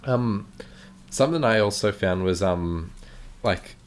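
A man with a very deep voice sharing reflective, hesitant thoughts in a relaxed podcast chat. He pauses and circles back, with a faint hiss behind him. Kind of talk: casual chat about a film.

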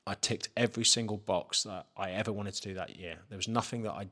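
Man, 30s, low pitch, bright tone, candid podcast guest, frank and sweary. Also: quick pace. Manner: frank, swears freely, acts out his own inner questions. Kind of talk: candid personal story.

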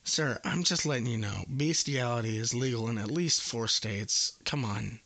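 A man's voice: medium pitch, moderate pace, a bit bright, dry recording. A man making a prank phone call, rambling and swearing in angry outbursts. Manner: profane, rambling, escalating outbursts. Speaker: prank caller.

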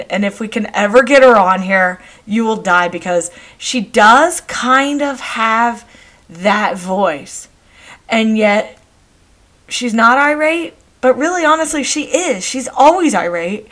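A middle-aged woman hosting a podcast, telling family stories in a chatty, meandering way with frequent pauses and restarts. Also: fairly high pitch, lively intonation, a bit bright. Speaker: podcast host. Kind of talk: casual storytelling monologue.

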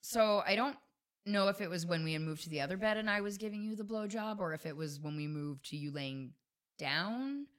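A woman's voice: medium pitch, a little fast, fairly bright tone. A woman co-hosting a podcast, talking frankly and casually and laughing easily. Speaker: podcast co-host. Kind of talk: candid casual chat.

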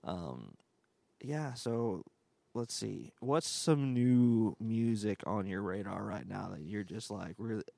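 A man's voice: on the low side, animated, slow, gravelly, mellow, no echo. A man co-hosting a church staff podcast, chatting casually with a laid-back, rambling manner and frequent laughs. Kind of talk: casual chat. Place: sound booth inside a church sanctuary.

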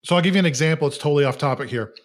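A man's voice: on the high side, rapid-fire. A man in his thirties co-hosting a casual faith podcast, conversational and joking. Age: 30s. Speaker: podcast co-host.

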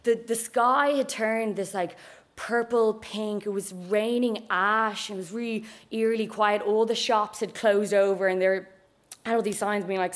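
A woman's voice: mid-range voice, steady tone, unhurried. A young woman with an Irish accent telling a story, chatty and full of asides. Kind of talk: live storytelling.

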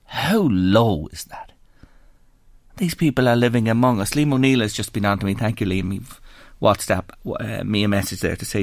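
A man's voice: lowish voice, moderate pace, dry recording. An Irish man hosting a radio phone-in show, speaking earnestly and sombrely and reading out listener messages into a studio microphone. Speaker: radio talk show host.

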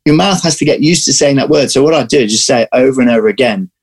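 A man, an actor, chatting in an interview, telling lively stories and restarting his sentences often. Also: mid-range voice, quick pace, breathy edge. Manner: animated storyteller, restarts often. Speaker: actor guest. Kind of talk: casual interview chat.

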